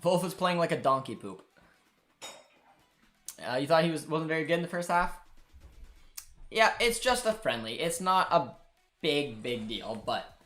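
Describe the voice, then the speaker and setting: Chatting loosely with his audience and producer, this Canadian host runs a live football watchalong stream. He speaks with a fairly high, somewhat bright voice over faint background music.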